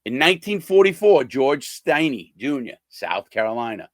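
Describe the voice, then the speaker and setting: A man's voice: medium pitch, big pitch swings, normal speed, hardly any pauses, dry recording. An older man, a former prisoner, talking bluntly and casually to his viewers, swearing and acting out the people he quotes.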